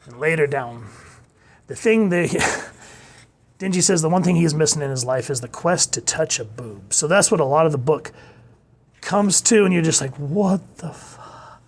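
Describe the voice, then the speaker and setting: A man with a slightly high voice talks through a comic in a casual video review. He gets worked up as he goes, throwing in gasps and exclamations while he retells scenes. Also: expressive, moderate pace. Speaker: manga reviewer.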